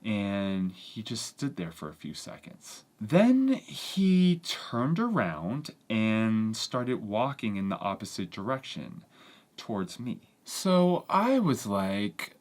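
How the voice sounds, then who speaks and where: A woman's voice: extremely low pitch, very animated, takes it slowly. A woman vlogger animatedly retelling a strange story in an exasperated storytime vlog.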